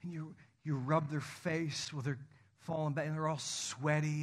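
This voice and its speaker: A man's voice: a little high, normal speed. A pastor in his thirties, from the North Country, preaching with jokes and acted-out little scenes. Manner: animated, joking, acts out little scenes. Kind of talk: sermon.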